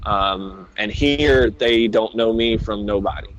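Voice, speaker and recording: A man's voice: fairly low pitch, takes it slowly, dull audio, a little hiss or hum. A man from the American South with a Southern accent, telling stories as a wrestler guest in a casual interview, rambling with lots of filler words. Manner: rambling, frequent "uh" and "like", quotes others in dialogue.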